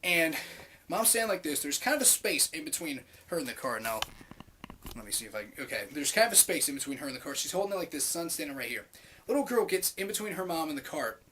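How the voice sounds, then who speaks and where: A young man in his twenties telling a story casually to camera, swearing freely and acting out people's lines loudly. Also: a little high, fast. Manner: profane, animated, acts out quoted voices loudly. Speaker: vlogger.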